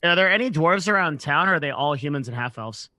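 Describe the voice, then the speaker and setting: Male player, high and very bright voice, dry sound, eager. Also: animated, fast, no echo. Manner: eager, curious questions. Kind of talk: tabletop game play.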